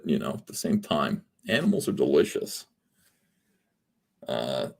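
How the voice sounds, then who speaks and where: A man in his forties hosting a casual livestream from his home office, rambling and sarcastic, with plenty of fillers while he reads out viewer messages. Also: on the low side. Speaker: livestream host. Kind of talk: casual livestream chat reading super chats.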